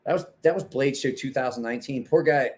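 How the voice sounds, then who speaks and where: A man's voice: mid-range voice, quick pace, darkish tone, breathy edge. Swearing, laughing man telling stories. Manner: answers viewer chat off the cuff. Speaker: host of a knife live stream. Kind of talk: casual storytelling on a live stream.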